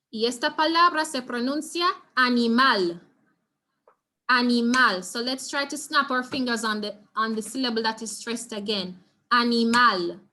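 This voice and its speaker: A woman's voice: a little high, bright, forceful tone. A woman with a Jamaican accent teaching an online Spanish revision lesson, encouraging and repeating words for students to drill. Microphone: video call.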